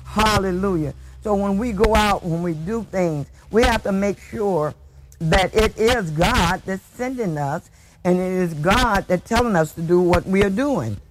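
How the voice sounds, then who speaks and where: Slow, high-voiced man preaching a sermon. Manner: slow, measured preaching with hallelujahs. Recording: noisy background hiss.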